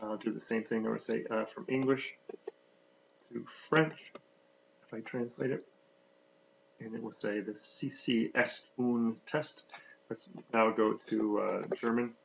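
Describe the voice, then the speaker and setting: A man giving a casual, screen-recorded software demo, thinking aloud with many fillers and restarts, heard on a slightly muffled recording. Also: lowish voice, level tone, unhurried, gravelly, pauses often, a little hiss or hum.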